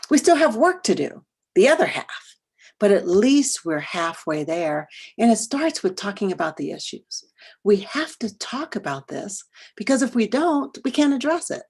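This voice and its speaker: This workshop presenter, a middle-aged American woman, speaks at a moderate pace in a husky, medium-pitched voice with big pitch swings. Her educational talk alternates hushed, earnest asides with loud, emphatic bursts and repeated phrases for emphasis.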